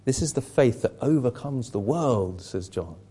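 A man's voice: medium pitch, animated, moderate pace, warm tone, husky. A man preaching a sermon, earnest and emphatic, reading questions aloud to his congregation.

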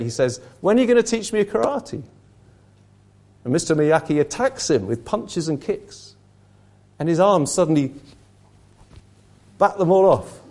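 A man's voice: on the high side, a little mellow. An earnest man preaches to a small gathering in an easy, conversational way. He often stumbles and restarts mid-sentence, telling stories to make his point. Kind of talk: sermon to a small group.

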